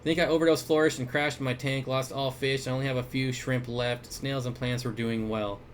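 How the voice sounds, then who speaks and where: An aquarium store owner runs a casual livestream from his fish room or store, reading viewer comments aloud and answering fish-keeping questions with easy chuckles and plenty of fillers. His voice sits in the middle range at a moderate pace, picked up on a desk mic with a faint hiss or hum.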